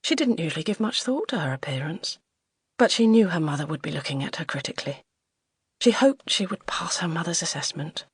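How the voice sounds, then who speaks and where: Audiobook narrator: British woman, low and breathy-husky, measured delivery. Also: animated, dry recording, clean studio sound. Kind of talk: scripted narration.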